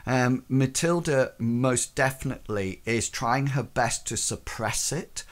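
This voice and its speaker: A man narrating a tabletop game as game master, halting and full of ums and restarts. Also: medium pitch.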